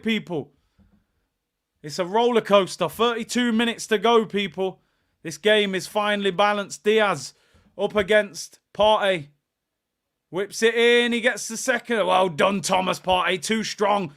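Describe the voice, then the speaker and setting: Excitable young football fan host. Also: male voice, high-pitched, unhurried. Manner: excitable, shouts at the match, reads chat messages. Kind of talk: live fan commentary and chat.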